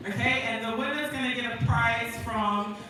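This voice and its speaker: A woman's voice: fairly high pitch, moderate pace, heavy background noise. Brief: playful female co-host from Tonga, leads crowd chants, echoey hall, far from the mic. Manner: playful, laughs while leading audience chants. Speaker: event co-host. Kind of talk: live event hosting. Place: large hall.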